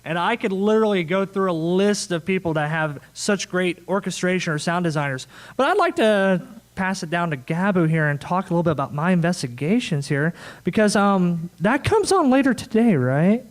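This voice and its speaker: Man, high voice, casual panel moderator with a quick joking manner. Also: animated. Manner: joking, laughing, quick asides. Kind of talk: casual convention panel chat. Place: convention panel room.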